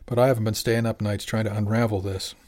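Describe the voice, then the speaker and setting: A man's voice: fairly low pitch, flat delivery, fast, darkish tone, natural voice. A man reading an audiobook, voicing an easygoing middle-aged fishing boat skipper in a plain, friendly way.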